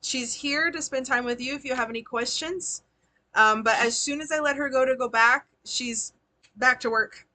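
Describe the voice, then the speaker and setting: Her high-pitched voice has a sharp tone and moves at normal speed. She is a tarot reader and spiritual healer, giving live-stream readings in a chatty, slangy style and laughing frequently with her sitters.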